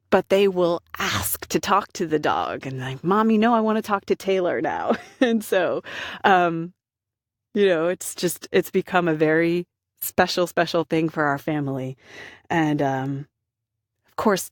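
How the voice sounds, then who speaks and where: A woman in her thirties tells a personal anecdote in a chatty, self-deprecating way. Her voice sits low for a woman. The recording is close and dry. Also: measured pace, dry recording. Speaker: voice actor.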